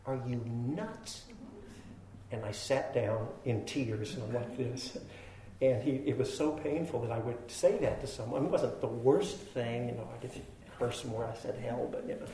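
A man's voice: mid-range voice, normal speed, mellow, reverberant, low-quality recording. A man giving a dharma talk, telling a self-deprecating personal story with laughs and then teaching. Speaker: meditation teacher.

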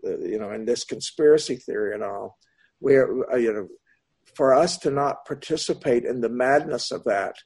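A man with a husky, slightly breathy voice gives a Buddhist Dharma talk. He speaks slowly and searchingly, circling back over his words as he answers a student's question. His pitch sits at an ordinary middle level for a man. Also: darkish tone. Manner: slow, searching, meandering delivery. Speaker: Buddhist meditation teacher.

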